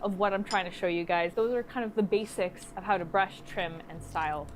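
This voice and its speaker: A woman's voice: medium pitch, fairly quick, slight background noise. A woman talking through a wig tutorial in a hesitant, apologetic way with frequent ums. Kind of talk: casual tutorial talk.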